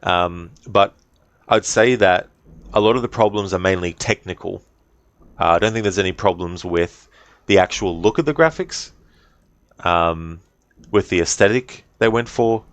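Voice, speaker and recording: A man's voice: low-pitched, unhurried, fairly bright tone, clean tone, no echo. An Australian man chatting casually and rambling in a friendly way with viewers as a game streamer. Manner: rambling, friendly chat with fillers. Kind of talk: casual live-stream chat.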